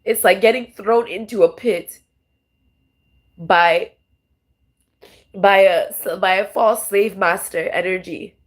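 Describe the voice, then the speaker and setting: A woman's voice: mid-range voice, slow, pauses often. A woman tarot vlogger talking to camera in a raw, rambling, emotional monologue, swearing often and restarting her sentences.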